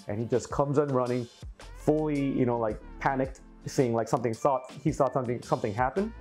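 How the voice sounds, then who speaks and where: Male vlogger, mellow tone, animated storyteller, light music bed. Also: mid-range voice, fairly quick. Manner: animated, acts out quotes, laughs often. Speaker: aquarium hobby YouTuber. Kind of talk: casual storytelling to camera.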